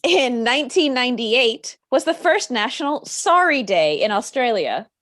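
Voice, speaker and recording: Female co-host, giggly and upbeat, animated high voice, dry studio sound. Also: normal speed, no room sound. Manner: giggly, playful, reads out trivia. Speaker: podcast co-host. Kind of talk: casual live-stream chat.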